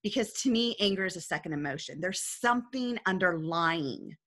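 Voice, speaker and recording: A woman's voice: lowish voice, lively intonation, normal speed, a bit bright. A woman coach talking earnestly in a casual discussion, telling a story and often checking in with "right?".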